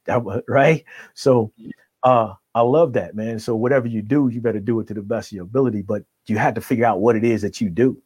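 A middle-aged man and life coach, talking in an energetic motivational style and tagging his points with "right?". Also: on the low side, quick pace, husky, no room sound. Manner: energetic, tags nearly every point with "right?". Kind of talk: motivational conversation.

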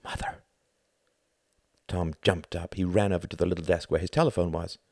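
A man narrating an audiobook with an expressive, animated reading. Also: low voice, fast talker, dry recording, clean studio sound.

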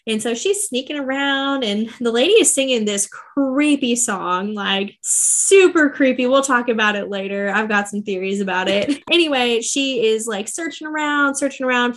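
A young woman co-hosting a casual book podcast, with a slightly high voice. She tells the plot in a lively, slangy way, dropping into quick character voices as she goes. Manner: animated, slangy storytelling with quick character asides. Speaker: podcast co-host. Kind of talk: casual book recap chat.

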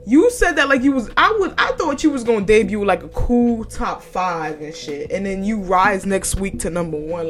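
A young woman hosting a podcast, chatting casually with lots of swearing and frequent laughter. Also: a little high. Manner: profane, animated, laughs often. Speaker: podcast host. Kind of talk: casual chat.

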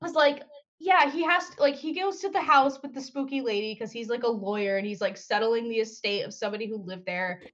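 A woman's voice: fairly high pitch, a little fast, fairly bright tone. A young woman on a casual podcast who chats at length, laughs often and fills her talk with "like". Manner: chatty, laughs often, says "like" a lot. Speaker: podcast co-host. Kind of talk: casual group chat. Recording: muffled lo-fi sound.

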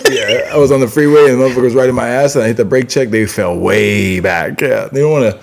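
A man's voice: mid-range voice, fast, creaky, background noise. A man co-hosting a podcast in casual chat, with laid-back, profane banter. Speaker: podcast co-host.

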